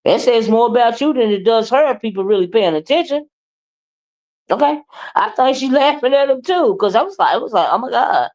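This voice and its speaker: A woman, giving sassy, expressive commentary on a livestream. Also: fairly high pitch, fairly quick, rough recording.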